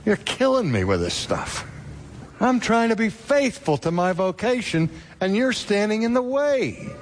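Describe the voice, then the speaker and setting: Man voicing an earnest apostle, emphatic, pleading, slightly high voice, faint background noise. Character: impassioned apostle pleading with his weeping friends. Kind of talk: preacher acting out a scripture quote.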